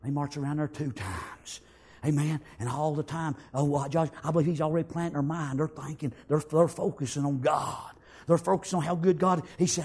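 A man preaching a sermon, acting out the story, shouting some lines and whispering others. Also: fairly high pitch, steady tone, brisk, slightly rough.

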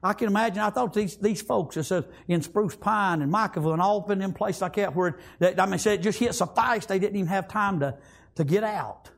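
Gravelly-voiced preacher man. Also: high-pitched, fairly quick. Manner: fervent call-and-response preaching, swinging between loud and hushed. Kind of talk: sermon.

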